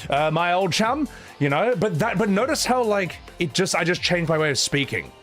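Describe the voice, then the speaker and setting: Sarcastic male streamer, lively swooping delivery, slightly high voice, light music under him. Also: fairly quick. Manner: animated, sarcastic, swears, says "man" a lot. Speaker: streamer reading super chats. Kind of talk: casual live-stream chat.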